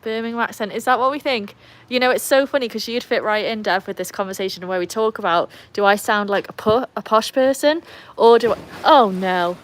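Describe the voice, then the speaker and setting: Standing outdoors by a backyard pool as it rains, an English woman chats on a phone-recorded live stream, saying hello to viewers and jokingly scolding her dogs. She speaks briskly with few pauses in a mid-pitched voice, with faint rain and outdoor sounds behind her.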